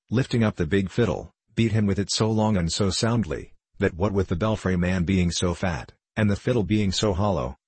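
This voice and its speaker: A man reading a comic story aloud as narrator, in a theatrical, lively manner. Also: deep voice, slightly rough, dry recording.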